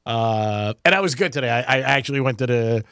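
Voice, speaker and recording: A man's voice: mid-range voice, expressive, fairly quick, a bit bright, clear, resonant tone, no room sound. A man co-hosting a radio show in casual banter, chatty and often laughing, on a studio microphone. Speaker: radio co-host.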